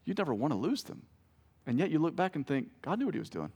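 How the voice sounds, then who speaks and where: A pastor in his thirties preaches a conversational sermon, sharing family stories and joking with the congregation, sometimes correcting his own jokes. His voice is fairly high and sing-song, a little mellow with a breathy edge, and he talks fast.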